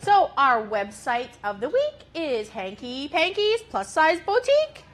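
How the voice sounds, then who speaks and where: A middle-aged woman hosting a talk show, bubbly and quick, laughing often. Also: high voice, huge pitch swings, a little hiss or hum.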